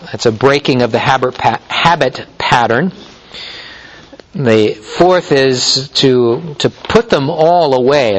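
A male pastor preaching a sermon, teaching in a measured way with frequent small restarts and fillers. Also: medium pitch, a little hiss or hum, poor audio.

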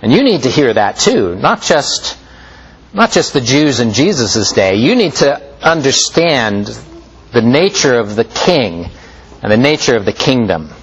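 Male preacher, sermon delivery, slow and deliberate, animated pitch, lo-fi sound. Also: breathy edge. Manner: slow, measured preaching with lively pitch swings.

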